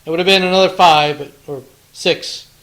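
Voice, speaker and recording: A man's voice: a little high, fairly even intonation, moderate pace, a bit bright, rough recording. A man hosting a tabletop wargame battle report, chatting casually through the play, counting dice aloud and throwing in playful taunts.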